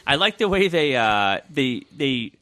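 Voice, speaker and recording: A man's voice: medium pitch, sing-song, a little slow, sharp tone, no echo, clean studio sound. An American man co-hosting a podcast, talking casually in a rambling, enthusiastic way, often correcting himself. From United States. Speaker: podcast co-host. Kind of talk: casual chat.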